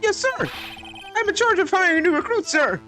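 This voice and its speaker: A man voicing an eager, jumpy young male police officer who shouts and ends every line with "sir.". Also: extremely high pitch, very animated, normal speed, faint music behind, pitched above the performer's own voice, exaggerated voice.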